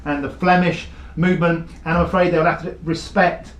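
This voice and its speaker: A male host with a fairly high voice steers an interview, keeping the guest going with quick nods of agreement. The room rings with echo. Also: flat delivery. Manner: prompting, short agreeing interjections. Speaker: talk show host, former politician. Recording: echoey room.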